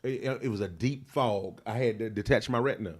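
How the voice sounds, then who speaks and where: A man telling a wild personal story in an interview, slangy and profane, full of fillers, getting loud and animated as he acts it out. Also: lowish voice, a little fast. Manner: grows loud and animated when reenacting. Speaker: interview guest.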